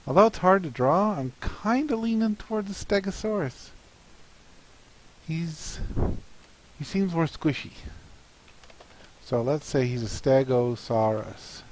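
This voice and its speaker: On a rough recording, a comic artist with a fairly high, lively voice thinks through plans for a comic. He muses hesitantly, pausing often and using many fillers.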